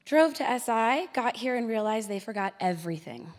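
A woman's voice: on the high side, lively intonation, a little fast. A young woman tells a short personal story to an audience in a wry, laughing way. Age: young adult. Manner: wry, laughing between lines. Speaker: storyteller at a community gathering. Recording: hall reverb with faint noise.

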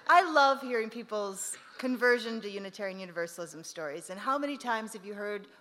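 A woman's voice: mid-range voice, expressive, fairly quick, bright, forceful tone. A middle-aged woman, a seminarian, telling a humorous personal story in a church service and laughing often. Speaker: seminarian sharing her story. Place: church sanctuary. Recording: echoey hall with faint noise.

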